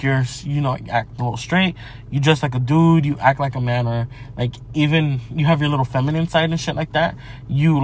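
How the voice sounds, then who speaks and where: Brash, profane young man in a car. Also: a little high. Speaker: vlogger. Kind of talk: casual monologue vlog. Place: in a parked car.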